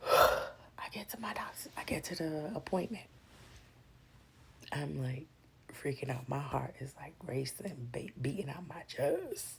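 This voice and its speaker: A woman casually telling a personal story, animated and slangy, often dropping into breathy whispers. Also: deep voice, a little slow, slight background noise.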